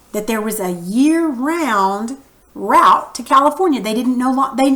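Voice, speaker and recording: A patient woman teaching a reading lesson in an unhurried, deliberate voice. Her voice sits a little high, and she keeps posing questions to her class. She sounds out each word slowly and clearly. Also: fairly bright tone, rough recording.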